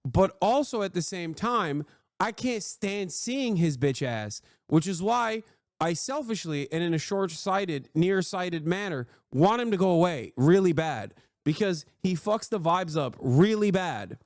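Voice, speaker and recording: A man's voice: high-pitched, sing-song, a little slow, no echo, studio quality. A man in his thirties streaming a live news reaction, ranting profanely and mocking.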